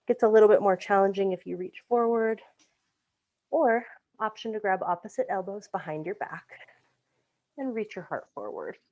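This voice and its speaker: A woman leading a live-streamed yoga class, calmly cueing breaths and poses, a little out of breath, heard over a video call. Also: mid-range voice. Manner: calm breath-paced cueing, occasional self-corrections. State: slightly out of breath. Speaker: yoga instructor.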